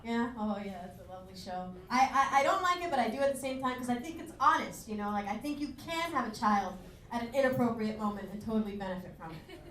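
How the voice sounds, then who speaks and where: A woman's voice: fairly high pitch, expressive, fast, fairly bright tone, slight background noise. A woman doing a stand-up set with bubbly, chatty crowd work. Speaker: stand-up comedian. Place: small comedy club. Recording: roomy club audio from a distant mic with crowd.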